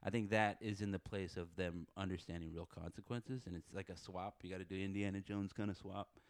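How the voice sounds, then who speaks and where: A man's voice: low-pitched, fairly even intonation, a little fast, dry recording. A man talking casually about parenting, rambling with many fillers and short laughs. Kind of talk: casual chat.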